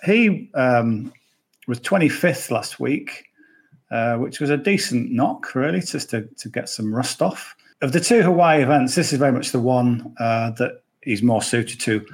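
A man's voice: medium pitch, unhurried, slightly rough. A man with an English accent, a golf betting pundit chatting casually on a podcast, rambling with jokey asides.

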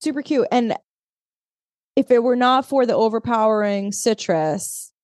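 Chatty, swearing woman with a mellow voice. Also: on the high side, expressive, measured pace, no echo, studio quality. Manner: chatty, swears freely, laughs often. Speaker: podcast co-host. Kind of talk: casual chat.

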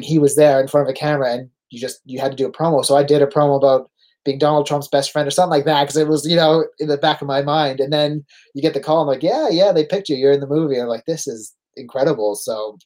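A man's voice: a little high, darkish tone. A man in his forties with a Canadian accent, a veteran pro wrestler telling casual stories as a guest, acting out quoted lines and laughing easily. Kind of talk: casual storytelling chat.

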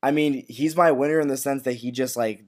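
A man's voice: mid-range voice, fairly even intonation, brisk. Rambling casual male podcast co-host. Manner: loose, full of "like" and restarts. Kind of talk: casual recap chat.

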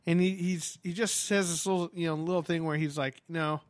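A man excitedly telling a story in casual chat, animated, with lots of fillers and restarts. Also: fairly high pitch, brisk, no echo.

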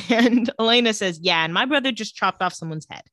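A woman co-hosting a podcast, recapping a TV episode in casual chat and retelling scenes in a flat, lowered voice. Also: a little fast, no room sound, clean studio sound.

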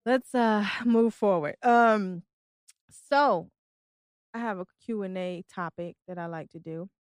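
A woman's voice: medium pitch, measured pace, clean tone, dry recording, studio quality. A woman in her thirties hosting a casual interview, chatty and giggly with lots of fillers. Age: 30s. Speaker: host.

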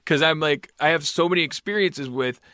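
A man's voice: fairly high pitch, fairly quick, pushed and bright, no echo, studio quality. A man hosting a podcast, chatting casually in a rambling, self-mocking way with many restarts. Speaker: podcast host. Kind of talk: casual comedic chat.

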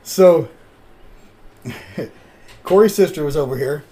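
A man hosting a podcast, chatting casually and telling stories with animated delivery. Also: on the high side, slow pace. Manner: animated storyteller. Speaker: podcast host. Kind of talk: casual chat.

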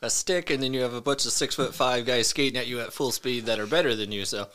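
A man's voice: medium pitch, fast, bright, forceful tone, clear, resonant tone. Laid-back male podcast guest. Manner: laid-back, lots of fillers like "you know" and "uh". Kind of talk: casual chat. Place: small podcast studio.

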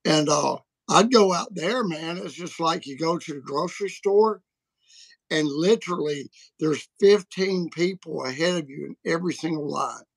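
This guest apologist on a casual livestream is a middle-aged Southern man from Alabama whose folksy stories ramble and restart. He speaks on the high side at a moderate pace, husky with vocal fry, in low-quality audio with no echo.

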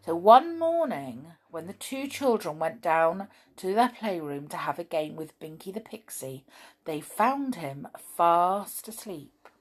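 A woman reading a children's story aloud, gentle and expressive, with chatty asides. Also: lowish voice, takes it slowly.

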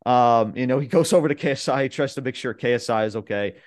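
A man's voice: mid-range voice, fast talker, darkish tone. A young man hosting a podcast, recapping wrestling matches in a rambling, casual way with lots of fillers and swearing. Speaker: podcast host.

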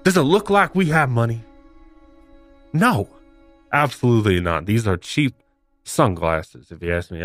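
Theatrical, animated male podcast host. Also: medium pitch, unhurried, pauses often, dry recording, clean studio sound, soft background music. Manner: mock-dramatic, theatrical. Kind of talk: comedic podcast narration.

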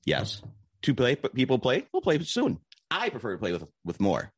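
Husky man doing a playful ad. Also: huge pitch swings, normal speed, no room sound, clean studio sound. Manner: playful salesy pitch. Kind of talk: comedic ad read.

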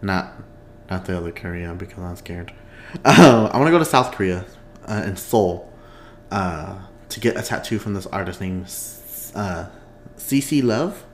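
A man's voice: deep voice, animated, measured pace, a little hiss or hum. A man hosting a podcast in casual chat at home, rambling, getting sidetracked and laughing often. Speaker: podcast host. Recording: echoey room.

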